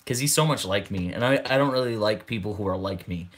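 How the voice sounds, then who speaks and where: A man's voice: lowish voice, fast. A man in his twenties hosting a casual livestream, who rambles, repeats words and laughs often. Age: 20s. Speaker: channel host.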